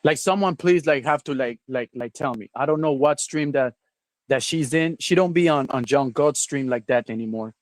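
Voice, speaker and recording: A man hosting a livestream, chatting casually in a rambling, halting way with lots of fillers and restarts, sometimes with his mouth full. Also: medium pitch, no room sound. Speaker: livestream host. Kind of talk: rambling casual stream chat.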